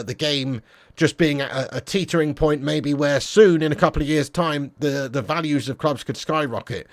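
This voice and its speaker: Slangy football fan host. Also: male voice, a little high, dry recording. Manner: casual banter, slangy, swearing. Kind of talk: live-stream fan chat.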